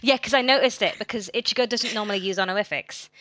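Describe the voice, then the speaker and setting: A woman co-hosting a podcast in casual chat, talking in an animated way and often restarting her sentences. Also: medium pitch, fast talker. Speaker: podcast co-host.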